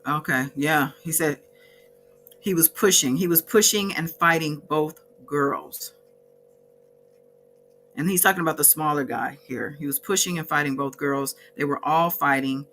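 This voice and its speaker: Bright-voiced woman recapping from notes. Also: low voice, a little slow, slight background noise. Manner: chatty, with frequent asides and self-corrections. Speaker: vlogger recapping a court trial. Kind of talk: casual recap read from notes.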